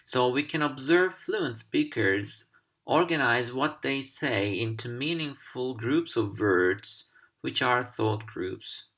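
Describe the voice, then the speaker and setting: A man whose first language is Turkish presents an English pronunciation lesson at an unhurried pace. He speaks deliberately and articulates each phrase clearly, at a medium pitch. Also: lively intonation, fairly bright tone. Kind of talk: instructional video lesson.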